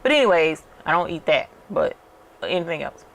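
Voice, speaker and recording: A woman's voice: sits low, big pitch swings, moderate pace, gravelly, dull audio. A woman, chatting casually and telling rambling stories to her viewers while she works. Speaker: channel host. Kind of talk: casual chat while working.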